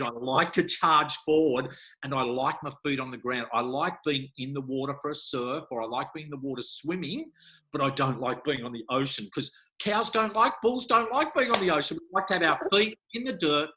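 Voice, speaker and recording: Bright-voiced animated male storyteller. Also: moderate pace. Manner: animated storyteller, acts out voices with big pitch jumps. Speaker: hypnotherapist guest. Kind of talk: conversational interview.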